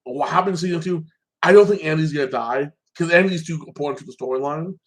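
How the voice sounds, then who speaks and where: A man's voice: on the high side, fast talker, rough recording. A man giving a casual, rambling recap of a TV season, swearing freely and tagging phrases with "like that". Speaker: show reviewer.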